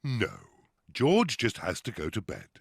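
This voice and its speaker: A man's voice: on the low side, wildly swooping pitch, unhurried, slightly rough, no room sound, studio quality, exaggerated voice. A man voicing a cheerful, patient father pig in a children's cartoon. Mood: fatherly.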